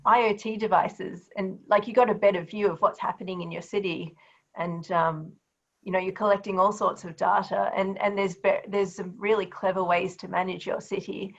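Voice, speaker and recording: A woman's voice: medium pitch, steady tone, normal speed, muffled recording. A woman moderating a webinar, asking loose, conversational questions. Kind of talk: casual moderating.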